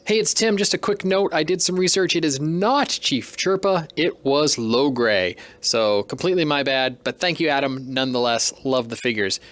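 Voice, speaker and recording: A man's voice: fairly high pitch, normal speed, hardly any pauses, fairly bright tone. Chatty, upbeat man in a roomy space. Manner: chatty, enthusiastic, self-deprecating. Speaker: podcast host. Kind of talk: casual solo podcast, unboxing.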